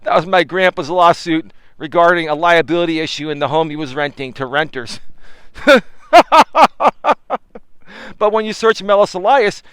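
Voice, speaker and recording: A man with a high, clear, smooth voice talks to his live chat as he walks through a park, filming himself on a selfie stick. He chats casually, laughs often and slips into preachy asides. The sound is close and dry. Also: fairly bright tone, no echo. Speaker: life coach. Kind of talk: live-streamed walking talk. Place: outdoors in a park. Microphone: camera on a selfie stick.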